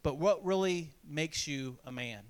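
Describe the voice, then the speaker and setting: A man's voice: on the high side, a little slow, clear, resonant tone. A man from Indiana preaching a sermon, telling a self-deprecating childhood story and acting out the voices of the people in it. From Indiana, USA. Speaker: pastor.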